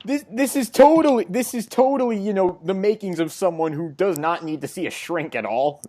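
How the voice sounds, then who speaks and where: A man's voice: sits high, fairly quick, warm tone. A man co-hosting a comic book podcast, laughing often and adding sarcastic asides. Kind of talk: casual comic review chat.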